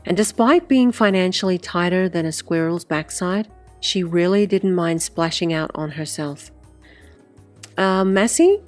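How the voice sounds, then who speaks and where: A woman's voice: lowish voice, moderate pace, soft background music. A woman reading a first-person story aloud as audiobook narrator, in a conversational style with wry asides.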